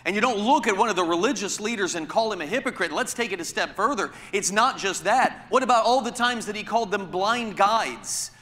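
A man's voice: high-pitched, expressive, a little fast, hardly any pauses, sharp tone, long reverb tail. A man preaching a sermon, emphatic and full of rhetorical questions. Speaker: pastor.

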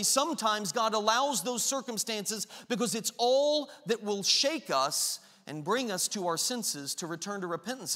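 A man's voice: high-pitched, pushed and bright, in a large hall. A man preaching a sermon, impassioned, who acts out the father's lines with rising intensity. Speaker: pastor.

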